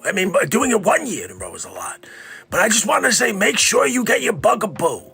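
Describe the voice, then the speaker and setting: A man doing a comedy impression of a raspy older male public-health official. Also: sits high, big pitch swings, fairly quick, pushed and bright, soft background music, heavily acted. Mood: fussy.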